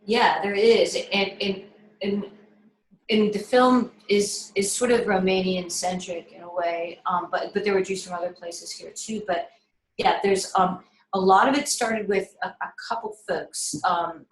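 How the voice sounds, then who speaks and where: A middle-aged woman filmmaker telling stories casually on a video call, animated and full of restarts. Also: lowish voice, moderate pace. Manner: animated, with frequent restarts and fillers. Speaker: filmmaker being interviewed. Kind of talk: casual conversational storytelling. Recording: echoey room on a video call.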